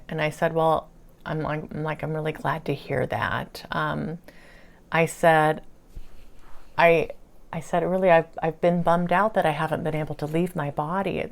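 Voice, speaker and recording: A woman casually recounting spiritual channeling sessions in a halting, earnest way, often repeating "I said" as she relays the conversation. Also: sits low, vocal fry. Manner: halting, repeats 'I said' while relaying dialogue. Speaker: spiritual channeler giving a weekly briefing.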